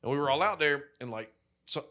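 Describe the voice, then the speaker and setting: Profane, rambling bright-voiced man. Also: on the high side, expressive, a little fast. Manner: profane, rambling storyteller with lots of fillers. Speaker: podcast co-host. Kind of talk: casual chat.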